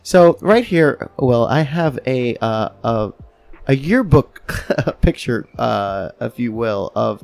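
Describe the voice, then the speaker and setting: A man hosting a casual podcast, excitable and profane, laughing as he talks. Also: medium pitch, slow, creaky. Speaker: podcast host.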